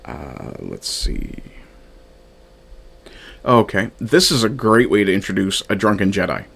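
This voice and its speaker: A man's voice: fairly low pitch, wildly swooping pitch, unhurried, gravelly, a bit bright, slightly rough. A man casually reviewing a fan film from his notes, thinking aloud with frequent fillers and restarts. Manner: reads from his own notes. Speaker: media reviewer.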